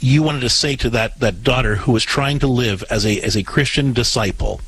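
A man hosting a Catholic call-in advice show on the radio, talking in lively bursts with many restarts. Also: medium pitch, moderate pace, few pauses, breathy edge, poor audio. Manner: animated, stammering restarts.

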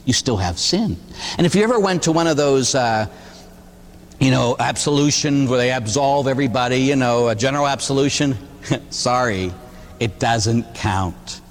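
A man, a Catholic priest, preaching a sermon in a conversational, animated way, with rhetorical questions and a touch of humor. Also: mid-range voice, moderate pace, long reverb tail.

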